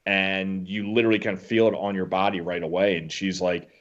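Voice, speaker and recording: A low-pitched man chats as a podcast guest, telling stories in a blunt, casual way and swearing freely. His voice comes through dull and muffled, like a lo-fi recording. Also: level tone, fairly quick. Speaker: guest, former Marine. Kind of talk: casual conversation.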